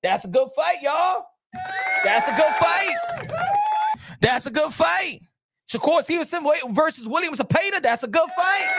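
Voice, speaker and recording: A man hosting a solo boxing talk show, loud and playful, repeating his lines in mock outrage and tossing in Spanish phrases. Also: very high voice, expressive, moderate pace, gravelly, a loud crowd, very noisy.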